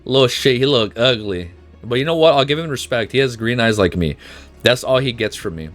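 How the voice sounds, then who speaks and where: A man streaming at home, reading a webnovel aloud and reacting with emotional, excitable outbursts full of swearing. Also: mid-range voice, a little fast, soft background music. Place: at home with his dog.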